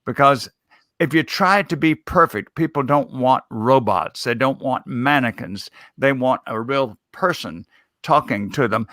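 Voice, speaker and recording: Casting: male speech coach guest, bright forceful voice, emphatic and measured, close dry recording. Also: mid-range voice, no echo. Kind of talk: interview answers.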